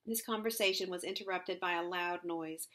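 A woman's voice: lowish voice, steady tone, moderate pace, fairly bright tone. A woman reading a novel aloud, adding conversational asides with hesitant fillers. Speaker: reader.

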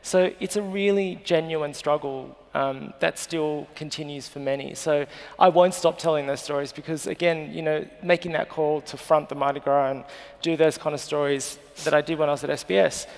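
Speaking earnestly and emotionally, an Australian man in his thirties sits as the journalist guest in a live festival-stage interview. His voice is fairly high with a steady tone and vocal fry, moving at a moderate pace with few pauses, under a long hall reverb.

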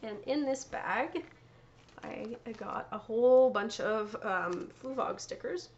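A woman's voice: on the high side, expressive, takes it slowly, a little mellow, highs cut off. A woman hosting a knitting podcast, chatting casually and showing off her yarn and prizes, often correcting herself and laughing. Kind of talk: casual show-and-tell chat.

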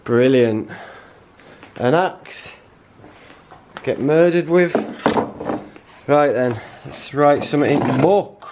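Slow and a little mellow, this middle-aged man's mid-range voice pauses often, with slight background noise behind it. He's chatting casually to camera on a solo hike vlog, joking and laughing frequently, first on a hiking trail outdoors and later inside a bothy.

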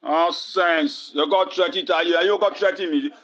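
Nigerian man with a Pidgin accent, a bright, cutting voice, confrontational commentator taunting and cursing in a rant. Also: fairly high pitch, moderate pace, dull audio. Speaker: online commentator. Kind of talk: angry video rant.

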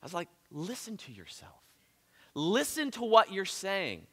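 A man preaching a sermon as pastor, emphatic, swinging between loud urgent peaks and quiet earnest lows. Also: wildly swooping pitch, a little slow, husky. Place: church sanctuary. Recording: church hall with long reverb.

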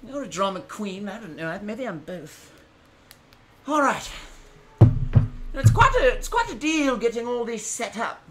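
A man's voice: very high-pitched, big pitch swings, unhurried, pauses often, music in the background. A man hosting his first live stream, chatting casually in a playfully dramatic, self-mocking way. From United States.

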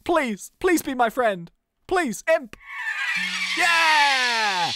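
A man doing casual let's-play commentary, excitable and quick to laugh at his own mistakes. His pitch jumps all over the place, swinging from low mutters to high yelps. He often begs the game characters to cooperate. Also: loud music behind the voice. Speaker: gaming channel host.

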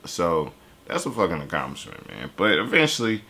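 Deep, lively young man reacting. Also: moderate pace. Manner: loose, profane, animated talk with laughs. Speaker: YouTube reaction host. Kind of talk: casual reaction commentary.

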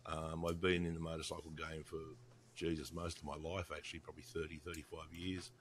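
A man's voice: rumbling low, flat delivery, fairly quick, very noisy. A man in his sixties with an Australian accent, a podcast guest talking bluntly and profanely over a video call, laughing often. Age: 60s. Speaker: podcast guest, motorcycle writer. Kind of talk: casual video-call chat.

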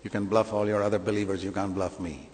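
A man voicing God, who speaks calmly and firmly as a rebuke. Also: lowish voice, quick pace, in a large hall, pitched below the performer's own voice, natural voice. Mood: stern. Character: God as a calm, stern adult man.

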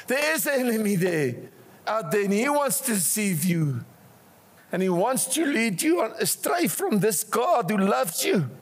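An older man with a South African accent preaching a passionate sermon, swinging between rising cries and hushed asides, in a church. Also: high voice. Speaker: pastor. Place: church hall. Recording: church hall reverb.

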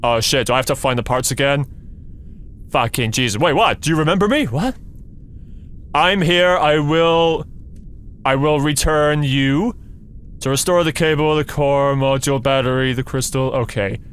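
A man's voice: medium pitch, moderate pace, fairly bright tone, slight background noise. A young man playing a horror game, talking sarcastically to the game, swearing and yelping at scares. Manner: jumpy, yelps and nervous laughs. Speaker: gaming streamer.

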